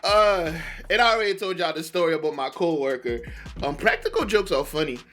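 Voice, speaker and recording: A man's voice: on the high side, lively intonation, fairly quick, pushed and bright, soft background music. A man hosting a reaction video, talking in a laid-back, slangy way with laughing asides. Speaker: reaction channel host. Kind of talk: casual reaction commentary.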